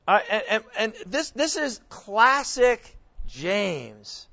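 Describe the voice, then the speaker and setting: A man with a high, gravelly voice that sounds pushed and bright speaks slowly but with great animation. He's a preacher leading a Bible study, teaching scripture to a group, quizzing his listeners and often restarting his sentences. The recording is dull and lo-fi.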